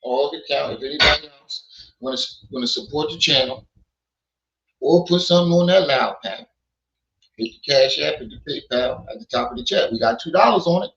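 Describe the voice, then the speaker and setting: A man's voice: a little high, fairly quick, creaky, fairly bright tone. A man hosting a livestream, blunt and scolding, repeating himself and thanking donors. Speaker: livestream host. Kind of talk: livestream commentary. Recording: echoey, dull lo-fi sound.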